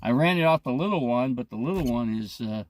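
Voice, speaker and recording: A man's voice: medium pitch, lively intonation, brisk, dry recording. A man in his fifties, host of a casual live chat, rambling and profane as he retells his day. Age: 50s. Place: inside an RV.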